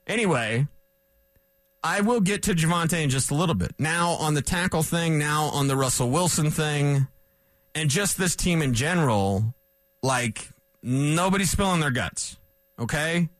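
A man in his forties hosting a sports radio show, rambling and animated, correcting himself as he goes. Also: fairly high pitch, normal speed, dry recording. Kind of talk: casual sports talk radio monologue. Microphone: studio microphone.

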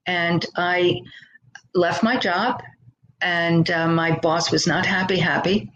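A woman's voice: fairly low pitch, steady tone, slow pace, fairly bright tone, highs cut off, a little hiss or hum. A middle-aged woman, a podcast guest, tells her life story earnestly and thoughtfully, sometimes acting out the voices of people she quotes. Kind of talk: conversational storytelling.

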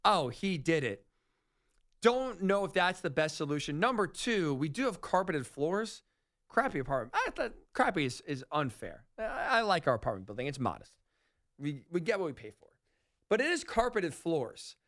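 A man hosting a sports talk radio show, rambling and animated, often correcting himself mid-sentence. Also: fairly high pitch, normal speed.

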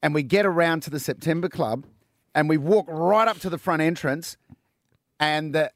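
Australian male radio host, high voice, dry close mic, lively storyteller. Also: moderate pace, dry recording. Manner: animated storyteller, acts out quotes. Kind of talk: casual breakfast radio banter.

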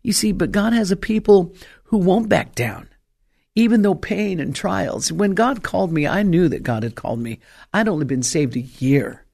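A woman's voice: lowish voice, lively intonation, moderate pace, creaky, breathy edge. Emphatic older woman evangelist preaching. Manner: emphatic, rhetorical questions, rises to loud peaks. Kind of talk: sermon.

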